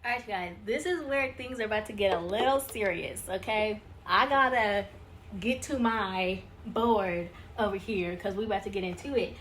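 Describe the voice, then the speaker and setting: Woman, channel host, casual spiritual teaching, chatty, excitable, talks straight to viewers. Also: mid-range voice, normal speed, slight background noise. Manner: addresses viewers as y'all and you guys. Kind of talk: casual teaching talk over slides.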